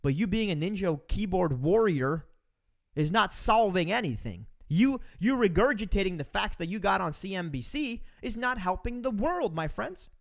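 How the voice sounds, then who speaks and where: This Romanian man runs his own podcast and preaches an emphatic motivational monologue, addressing his audience as folks. His voice is high for a man, with a sing-song pitch that jumps and drops on every point he drives home, delivered at normal speed with some vocal fry.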